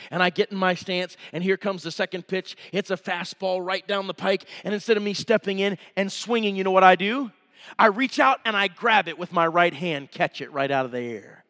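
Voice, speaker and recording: A man with a high voice preaches a revival sermon, swinging from playful storytelling to hard emphasis. His words ring out with a long reverb from the church hall around him. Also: a bit bright. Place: church sanctuary.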